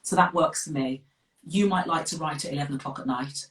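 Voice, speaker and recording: A middle-aged woman with a Birmingham accent, chatting as a guest author on a live video call, direct and quick to laugh. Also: deep voice. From West Midlands of England. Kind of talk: casual live interview. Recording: echoey room, distant from the mic.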